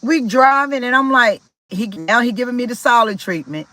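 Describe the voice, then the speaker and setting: A woman from Maryland telling a personal story to her viewers in a casual, animated way, acting out what people said. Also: fairly high pitch, normal speed, no room sound, poor audio. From Maryland, USA. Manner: animated, talks to viewers directly, acts out quoted dialogue. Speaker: spiritual vlogger.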